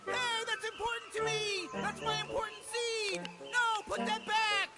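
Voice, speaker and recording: A squealing, unhinged tree dweller shrieks at intruders in an extremely high, strained voice and swears at every turn. It comes through as game audio with a loud soundtrack playing behind. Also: male voice, little pitch movement, a little slow, over music. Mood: furious. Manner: screams possessively, swearing constantly. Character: shrieking territorial tree-dwelling man, furious. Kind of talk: comedy video game voice acting.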